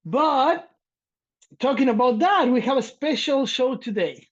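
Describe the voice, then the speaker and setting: A man co-hosting a podcast, talking loudly and excitedly in casual chat and laughing often, with a slight lilt. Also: very high voice, a little slow, muffled recording. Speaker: podcast co-host.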